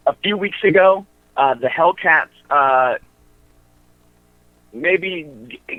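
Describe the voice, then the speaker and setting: A man calling in to a radio show, talking through wrestling matchups in a halting way, with lots of fillers and restarts. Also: fairly high pitch, no room sound. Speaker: wrestling promotion insider guest. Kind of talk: casual radio chat. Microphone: phone. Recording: tinny phone line.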